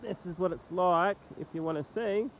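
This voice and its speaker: Congested Australian man filming outdoors. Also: high voice. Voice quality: nasal, congested. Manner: rambling, halting commentary. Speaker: vlogger. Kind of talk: casual phone vlog. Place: outdoors beside a flooded road in rain. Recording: tinny, lo-fi phone audio with faint noise.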